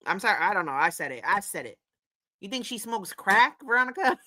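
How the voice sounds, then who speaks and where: A woman hosting a casual commentary stream, her voice bright and forceful. She talks bluntly, swears freely and gets worked up as she reacts. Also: medium pitch, sing-song, a little fast. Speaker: commentary host.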